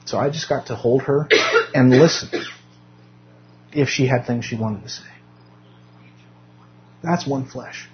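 A man's voice: mid-range voice, a little slow, long pauses, lo-fi sound, a little hiss or hum. A young adult man teaching a Sunday school class in a chatty, self-deprecating way, often restarting his sentences. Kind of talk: casual church teaching. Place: church classroom.

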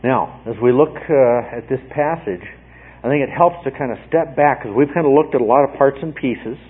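A man's voice: medium pitch, normal speed. Man teaching scripture over a tinny line. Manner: emphatic, repeats phrases, frequent "okay?" check-ins. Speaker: Bible teacher. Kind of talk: verse-by-verse Bible teaching. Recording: tinny phone-like radio broadcast, husky.

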